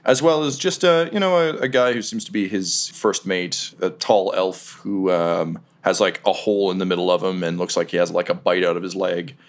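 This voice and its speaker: A man's voice: low voice, fairly even intonation, moderate pace, few pauses. A man narrating a tabletop game as game master in a casual, rambling way.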